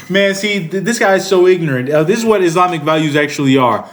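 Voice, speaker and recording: A man's voice: a little high, brisk, few pauses, a bit bright. A man in his thirties giving heated political commentary, profane, rambling and indignant. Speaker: political commentary channel host.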